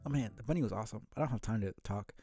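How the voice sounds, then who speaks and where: A man voicing an earnest thirteen-year-old boy who talks in a flustered, excitable way, in a low, mellow voice. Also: rapid-fire, no echo, faint music behind. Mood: anxious. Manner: anxious, excitable.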